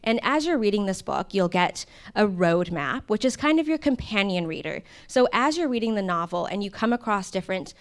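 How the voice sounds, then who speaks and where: A woman's voice: medium pitch, lively intonation, brisk, hardly any pauses, clear, resonant tone. A woman hosting a live studio event, giving a conversational explanation of how the event works, with a few fillers along the way. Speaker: event host. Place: intimate studio stage.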